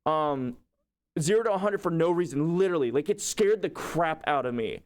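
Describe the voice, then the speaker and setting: Male streamer, casual storyteller, a bit high-pitched, filler-heavy and animated. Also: normal speed. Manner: rambling, lots of "like" and restarts; animated retelling, acting out quotes. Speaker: livestreamer.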